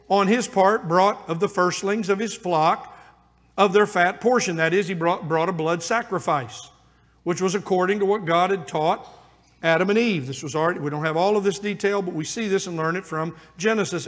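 A male pastor delivering a sermon with a fairly high voice. He expounds scripture verse by verse and appeals directly to his hearers. His words ring out with a long reverb, as in a large church hall. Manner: preaching, drops to a hushed intense voice for pleading questions.

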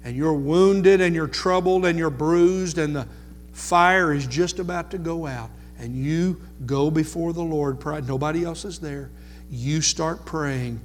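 A male preacher delivers a sermon at an unhurried, deliberate pace, leaning on repeated words. His voice sits somewhat high for a man. The sound carries a long reverb tail with soft music underneath. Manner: slow, emphatic preaching with repetition.

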